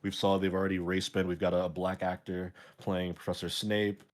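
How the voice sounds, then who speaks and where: A man with a lowish voice hosts a casual streamed chat show. He rambles and jokes, padding his talk with fillers. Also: level tone, brisk. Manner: rambling, jokey, many fillers. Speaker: show host.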